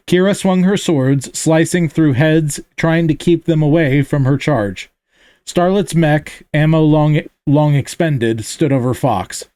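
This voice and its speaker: A man with a slightly higher voice reads his own action story aloud at a steady pace, stopping now and then to correct a slipped word. He is on a computer mic in a dry, close sound with no room around him. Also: no room sound. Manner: steady reading with frequent self-corrections. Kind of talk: reading fiction aloud. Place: home, online voice chat.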